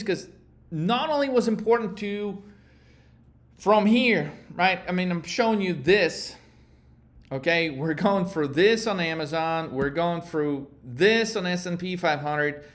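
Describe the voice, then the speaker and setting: A man's voice: high voice, fairly bright tone. A man coaching traders over slides, brash and profane, heated as he mocks timid traders. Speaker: trading coach. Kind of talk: profane motivational trading lesson.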